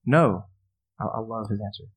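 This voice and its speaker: A male pastor giving a sermon, earnest and impassioned, building to strong emphasis and easing to quiet prayer. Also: medium pitch, moderate pace. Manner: drops to soft, quiet prayer.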